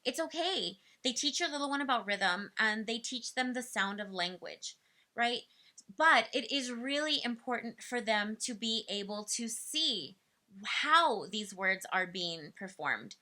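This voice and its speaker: Talking to parents about how toddlers learn to speak, a young woman keeps things chatty and full of fillers, playfully voicing what you might say to a child. She's a speech development educator, and her voice runs high, expressive and a little slow, sounding pushed and bright.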